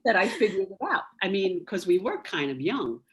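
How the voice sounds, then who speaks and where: A woman's voice: medium pitch, sing-song, normal speed, slight background noise. Guest, a woman in her 60s who reminisces fondly and laughs lightly. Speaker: guest, old friend. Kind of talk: casual chat, reminiscing.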